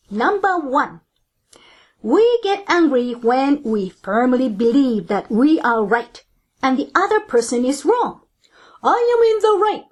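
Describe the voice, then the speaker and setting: A woman teaching a Buddhist dharma talk in a high, very lively voice that rises and falls. She explains step by step, often pausing to ask the listener rhetorical questions.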